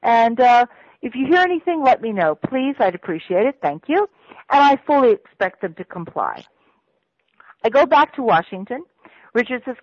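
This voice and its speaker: Blunt, emphatic woman radio guest with a slightly high voice, heard on dry, muffled radio audio. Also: animated, moderate pace, no room sound. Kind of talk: radio interview.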